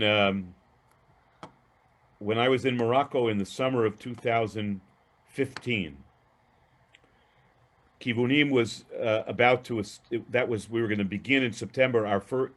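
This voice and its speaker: A man giving a storytelling lecture on a video call, speaking in an animated, emphatic way with frequent restarts. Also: on the low side. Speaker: guest lecturer.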